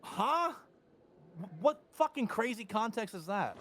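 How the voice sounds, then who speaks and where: A man playing a game on a livestream, excitable and swearing in casual chat. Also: extremely high pitch, takes it slowly. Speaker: co-player on a livestream.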